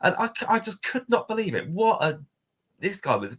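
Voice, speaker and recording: Podcast co-host, man, husky, animated ranting delivery, pitch swinging widely. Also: moderate pace. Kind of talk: casual podcast rant.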